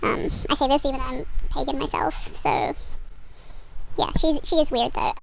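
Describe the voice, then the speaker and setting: A woman's voice: high voice, big pitch swings, moderate pace, gravelly, a little hiss or hum, low-quality recording. A young woman, casually chatting and retelling a book plot in a sarcastic, sweary way. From Australia. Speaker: book vlogger.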